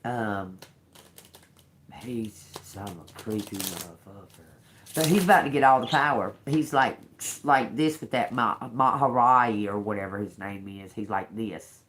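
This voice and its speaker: A woman's voice: extremely low pitch, a little slow, fairly bright tone, a little hiss or hum. A woman giving a casual livestream tarot reading to her viewers, chatty, laughing often and swearing freely. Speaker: tarot reader.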